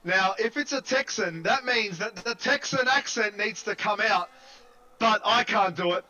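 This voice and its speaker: A man commentating a sim racing qualifying session live, excitable and jokey, shouting over the big moments. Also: high-pitched, measured pace, muffled recording.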